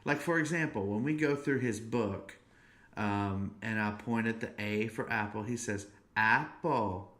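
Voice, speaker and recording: A man's voice: fairly low pitch, fairly bright tone. A man in his thirties hosting a podcast, chatting casually in a playful, joking way and stretching out his stories. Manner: playful and joking, drawn-out storytelling. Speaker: podcast host. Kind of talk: casual chat.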